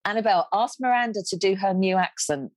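A woman hosting a casual podcast, brisk and playful and quick to laugh. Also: mid-range voice, a crowd in the background. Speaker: podcast host.

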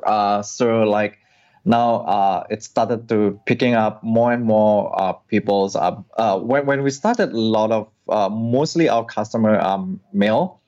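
Guy founder answering questions, lots of uhs, lowish voice, kinda muffled lo-fi audio. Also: measured pace, a little mellow. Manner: hesitant, many fillers and restarts. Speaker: app founder guest. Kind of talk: interview answers. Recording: dull lo-fi sound.

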